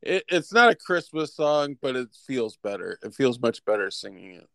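A man's voice: medium pitch, very animated, normal speed, vocal fry, fairly bright tone, no echo. A man co-hosting a comedy show, talking in a playful, rambling way with mock threats. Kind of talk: casual comedic banter.

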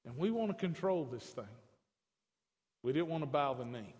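A man's voice: a little high, animated, normal speed, darkish tone. A man preaching a sermon as pastor, mixing folksy conversational asides with emphatic declarations, in a church sanctuary. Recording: long hall reverb.

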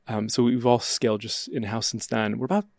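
Gravelly-voiced hesitant male guest. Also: medium pitch, flat delivery, brisk, a little mellow, dry recording. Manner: hesitant, restarts often, fillers. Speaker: startup founder guest. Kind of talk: casual interview answers.

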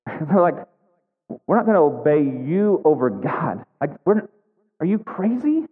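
A pastor with a fairly high, lively, slightly rough voice preaches slowly, retelling a scripture story in a conversational way and checking in with "right?" as he goes. The recording has an echoey hall and a thin, phone-like sound.

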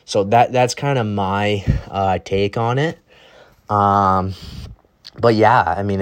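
A young man hosting a podcast, telling a casual, rambling story and often tagging his sentences with "right?". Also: low voice. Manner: rambling, tags lines with "right?". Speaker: podcast host.

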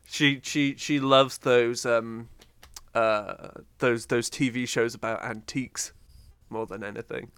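A man's voice: mid-range voice, steady tone, slow pace, fairly bright tone, smooth, dry recording. A man co-hosting a podcast in casual chat, wry and rambling as he talks. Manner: rambling, lots of fillers and restarts, wry. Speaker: podcast co-host.

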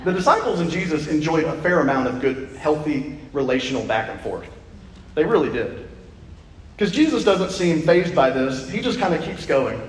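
Animated preacher in an echoey church. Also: male voice, on the high side, moderate pace, a little hiss or hum. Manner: playful, animated preaching with acted-out asides. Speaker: pastor. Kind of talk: sermon. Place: church sanctuary. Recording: echoey hall, mic from a distance.

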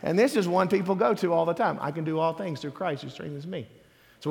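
High, gravelly-voiced male preacher. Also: a little fast, a little mellow, long reverb tail. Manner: emphatic, building through repeated refrains. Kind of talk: sermon.

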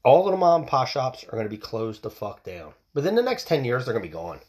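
A man's voice: mid-range voice, very animated, fast, a little mellow. A man hosting a show from home, ranting bluntly with plenty of swearing and restarts, into a home mic that picks up outside noise. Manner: blunt, profane, fired-up ranting with many restarts. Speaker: podcast host. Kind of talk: casual opinion rant.

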